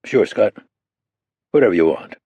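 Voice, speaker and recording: A man's voice: fairly low pitch, lively intonation, moderate pace, warm tone, husky, dry recording, muffled recording. A man voicing a hardened male covert operative who answers in terse, clipped lines. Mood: subdued.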